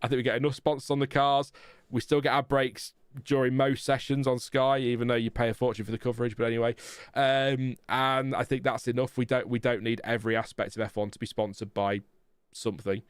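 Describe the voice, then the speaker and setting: A man's voice: medium pitch, level tone, a little fast, clear, resonant tone, no room sound. A man hosting a live motorsport watchalong stream, chatting casually and then reeling off lap times. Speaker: livestream host.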